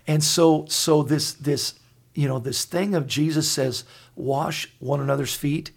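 A man in his sixties, co-host of a Christian talk show, telling stories in an earnest, halting way with many restarts. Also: on the high side, steady tone, creaky. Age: 60s. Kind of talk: conversational storytelling.

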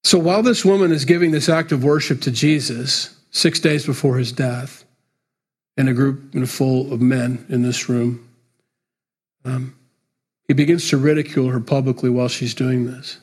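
Husky-voiced man preaching earnestly. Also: mid-range voice, steady tone, moderate pace. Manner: earnest, emphatic, conversational preaching. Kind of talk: sermon. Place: church.

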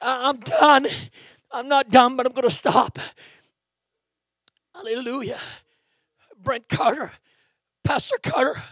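High-pitched fervent male preacher. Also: slow, long pauses, husky, no room sound, studio quality. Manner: fervent, bursts into shouting, peppers lines with "amen". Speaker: guest preacher. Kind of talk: impassioned sermon. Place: church sanctuary.

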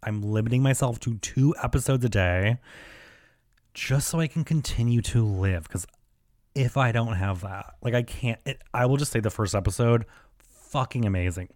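A man's voice: mid-range voice, normal speed, darkish tone, dry recording, studio quality. A young man hosting a solo podcast, telling stories in a chatty, profane way full of fillers and restarts. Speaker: podcast host. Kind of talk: casual solo podcast chat.

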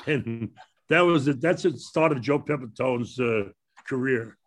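A man's voice: mid-range voice, a little slow, long pauses. An older man with a Brooklyn accent telling rambling stories about his past, laughing at his own tales. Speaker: former ballplayer telling stories. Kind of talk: casual storytelling on a panel.

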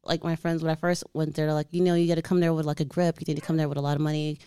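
A young woman with a soft, sweet voice that never sounds threatening, even when she swears. She chats casually as an interview guest, bubbly and quick to giggle. Her pitch sits a little low, and the sound is dry and close. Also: clear, resonant tone, no echo. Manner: giggly, bubbly, frequent laughter. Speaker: interview guest, musician's wife.

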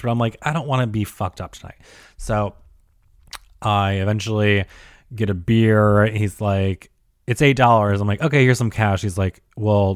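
A young man tells a story in a loose, rambling way, packing "like" into nearly every phrase and swearing as he gets worked up. His voice sits on the low side, and the recording is close and dry with no room sound. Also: no echo. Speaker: storyteller recounting a night out. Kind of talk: casual rambling monologue.

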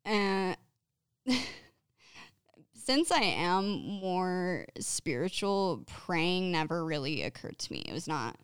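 A woman talks through self-care habits in a relaxed, candid way, cursing freely and laughing at her own awkwardness. Her voice sits on the low side and sounds smooth and clear. The sound is dry and close, with no room around it. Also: slow pace, pauses often, dry recording. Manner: chatty and self-deprecating. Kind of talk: casual advice talk.

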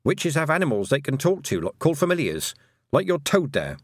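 A man's voice: a little high, sing-song, brisk, no echo, studio quality, pitched above the performer's own voice. A man doing a stubborn young farm girl. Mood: insistent. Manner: insistent, argumentative.

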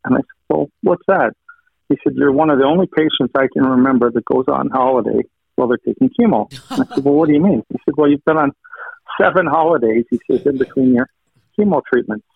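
Gravelly man telling his story over a phone line. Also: medium pitch, animated, quick pace, dry recording. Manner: retells conversations, stacking quoted "he said" lines; earnest, frequently thanks God. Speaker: guest sharing a personal testimony. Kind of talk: personal storytelling. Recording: thin phone-like line, dry.

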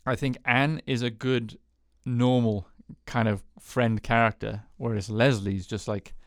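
A man co-hosting a podcast, chatting in a relaxed, easygoing way about TV friendships. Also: mid-range voice, measured pace, dry recording, studio quality. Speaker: podcast co-host. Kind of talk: casual chat about TV shows.

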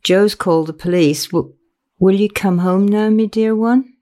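A woman voicing a kindly older housekeeper, speaking gently and slowly. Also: mid-range voice, voice pushed up, lightly acted. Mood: gentle.

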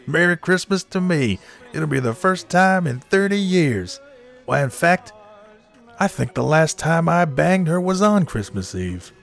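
A man voicing a gruff, crude older male boss who scolds in a raised, bossy voice. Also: fairly high pitch, big pitch swings, a little slow, soft background music, voice pushed up, full character voice. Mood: gloating.

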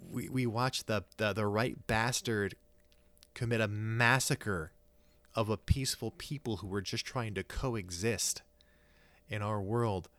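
A man's voice: on the low side, steady tone, unhurried, fairly bright tone, no room sound. A man co-hosting a podcast, talking casually and enthusiastically, rambling with many fillers and restarts. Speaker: podcast co-host.

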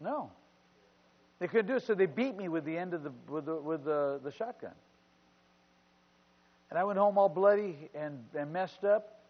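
Older male pastor, high-pitched, fervent sermon storytelling, booming hall echo. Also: animated, normal speed, pauses often. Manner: fervent, storytelling, rising to loud exclamations. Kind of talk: sermon with personal stories. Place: church sanctuary. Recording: muffled church recording with long reverb.

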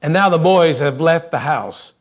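Middle-aged pastor, somewhat high-pitched, folksy and animated, slowing down for emphasis. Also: male voice. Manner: folksy, animated, shifts between fast asides and slow emphasis. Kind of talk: sermon storytelling.

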